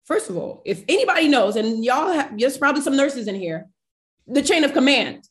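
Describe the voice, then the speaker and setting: A young woman guest on a talk podcast recounts a tense personal story. Her voice sits a little high, and she slips into quoted dialogue with emotion rising in her delivery. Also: very animated, moderate pace.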